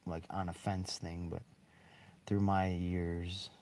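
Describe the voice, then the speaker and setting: A man's voice: sits low, level tone, slow, a little mellow. A man in a rambling, bitter monologue, swearing heavily and breaking into short laughs. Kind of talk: angry monologue.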